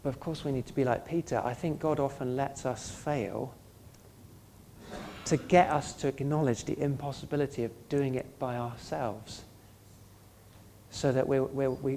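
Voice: mid-range voice, fairly even intonation, moderate pace, mellow, slight background noise. A pastor preaching a sermon in an earnest, conversational way, often asking the listeners questions.

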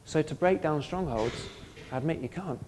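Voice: medium pitch, moderate pace, darkish tone, a little hiss or hum. A pastor preaching a sermon in an earnest, conversational way, often asking the listeners questions.

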